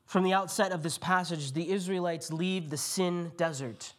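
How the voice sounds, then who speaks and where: A male pastor giving a sermon, retelling a scripture story and speaking the quotes in a quieter voice. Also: sits high, normal speed. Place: church.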